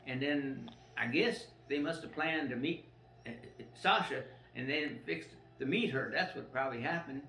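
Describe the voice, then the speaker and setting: At home, an older man rambles through a personal story, swearing and using lots of fillers. His voice is a little high with a fairly bright tone, and the recording carries room echo, faint ambience and slight background noise.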